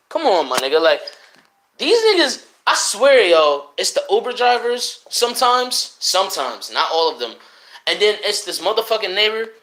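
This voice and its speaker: A young man from Connecticut ranting profanely to his live chat in a loose, animated way, jumping between loud outbursts and low mutters. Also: roomy sound. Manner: profane, animated, swings between shouting and mumbling. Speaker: livestreamer. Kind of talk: unfiltered casual rant to live chat. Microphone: streaming mic.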